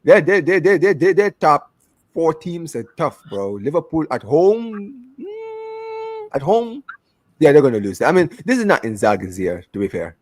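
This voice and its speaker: Lively young man chatting football. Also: a little high, moderate pace, no room sound, clean studio sound. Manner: animated, repeats words, talks over his co-host. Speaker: podcast co-host. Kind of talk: casual football chat.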